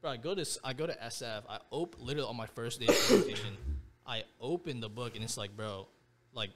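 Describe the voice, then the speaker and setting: A man's voice: medium pitch, animated, fast, very noisy. A man in his twenties, a podcast guest, telling a personal story in casual slang, leaning on "bro" and "like".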